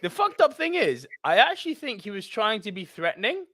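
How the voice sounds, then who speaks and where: Man, posh English accent, podcast co-host, bright tone, dry close sound. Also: sits high, very animated, a little fast, no echo. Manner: swearing, laughing anecdote-teller. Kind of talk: casual chat, storytelling.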